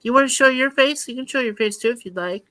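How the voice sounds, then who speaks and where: A man's voice: extremely high pitch, quick pace, bright, forceful tone, no room sound. A middle-aged man hosting a casual group video chat, joking and laughing often. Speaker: host.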